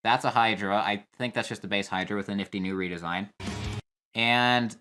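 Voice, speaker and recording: A man's voice: lowish voice, normal speed, bright, forceful tone. Rambling young man reacting casually. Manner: rambling, thinks aloud with fillers and restarts. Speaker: competitive player reacting to a trailer. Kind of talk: casual video commentary.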